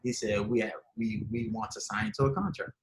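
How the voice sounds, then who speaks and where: A former pro football player and college coach in casual, emphatic conversation with high school athletes. He speaks informally with slang and repeats himself as he tells stories and gives advice. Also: big pitch swings, a little fast, creaky, slight background noise. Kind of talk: casual motivational storytelling. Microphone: video call. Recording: echoey room over a video call.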